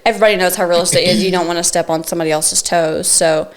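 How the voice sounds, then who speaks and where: A woman's voice: on the low side, steady tone, racing. Easygoing woman real estate co-host. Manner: laughs often, explains step by step. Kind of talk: casual chat.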